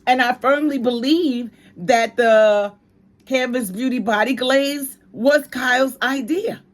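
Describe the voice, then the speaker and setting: A New York woman hosts a commentary channel, ranting her opinions in an emphatic, slangy way. Her voice is high-pitched and her pace slow.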